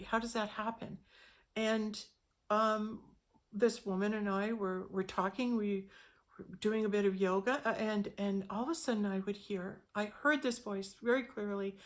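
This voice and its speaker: A middle-aged woman telling a personal spiritual story in an earnest, halting way, often repeating words as she goes. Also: medium pitch, a bit bright. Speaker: spiritual teacher sharing a testimony.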